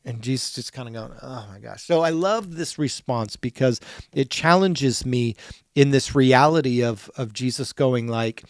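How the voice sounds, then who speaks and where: A man hosting a podcast, talking through a Bible passage in a relaxed, conversational way, often repeating words and saying "like". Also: mid-range voice, measured pace, clean tone, dry recording, studio quality. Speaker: podcast host teaching on scripture.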